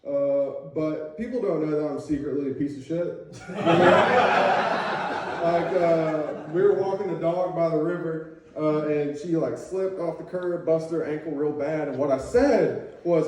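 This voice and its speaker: A man's voice: on the high side, measured pace, background noise. A man doing a stand-up comedy set, talking loosely and crudely, often tossing "okay?" at the crowd. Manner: loose, crude, conversational with frequent "okay?" asides. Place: comedy club stage. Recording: roomy club sound from a distance, crowd reacting. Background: audience laughter.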